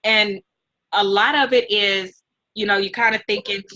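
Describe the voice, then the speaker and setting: A middle-aged woman hosting an interview, talking in a heartfelt, animated, mentoring way. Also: mid-range voice, moderate pace, poor audio. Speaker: host and nonprofit founder. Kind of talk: emotional casual interview.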